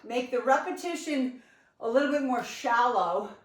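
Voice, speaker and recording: A woman's voice: fairly high pitch, normal speed. A woman fitness instructor coaching a live workout from her living room, out of breath and chatty, cueing with encouragement. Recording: echoey room, mic at a distance.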